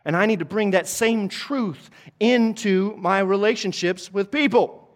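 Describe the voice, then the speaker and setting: A man preaching a sermon as pastor, driving points home with repetition and climbing into loud, urgent exhortation. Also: sits high, unhurried. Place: church sanctuary.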